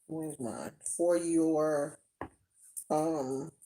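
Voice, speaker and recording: A woman's voice: sits low, extremely slow, mellow, a little hiss or hum. An older woman hosting a spiritual channel, chatting casually on a livestream in a rambling way. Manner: chatty, rambling, with fillers and restarts. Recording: roomy echo.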